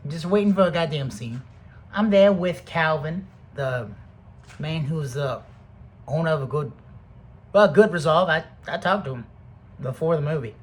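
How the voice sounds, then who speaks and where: A man rambling through a profane, casual monologue to the camera, jumping between loud outbursts and soft mutters. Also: a little high, animated, moderate pace, pauses often.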